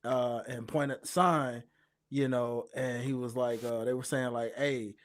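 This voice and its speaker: A man co-hosting a casual podcast, talking emphatically and stretching out his words when he makes a point. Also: medium pitch. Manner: animated, emphatic, drawn-out rants. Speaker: podcast co-host. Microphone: webcam setup from home.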